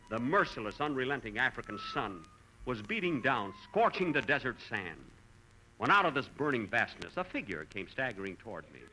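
A man's voice: mid-range voice, sharp tone, low-quality recording. A man hosting a 1940s radio comedy show, with dry, put-upon timing and mock-dramatic storytelling.

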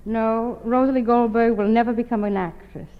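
A woman's voice: on the high side, steady tone, moderate pace, smooth. Homey motherly woman on old radio. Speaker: guest comedienne. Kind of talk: comic radio banter. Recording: dull old radio with long reverb.

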